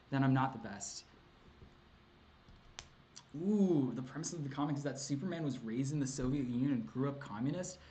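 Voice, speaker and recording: A man's voice: medium pitch, slight background noise. A man answering chat questions on a casual livestream, rambling and hesitant with many ums and likes, laughing often and swearing casually.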